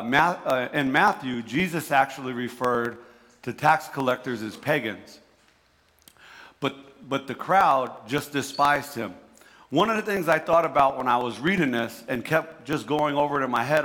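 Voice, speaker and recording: A man's voice: medium pitch, lively intonation, moderate pace, a bit bright, big-room sound. Man with a New Jersey accent preaching. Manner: conversational, repeats himself, restarts words. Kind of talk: sermon.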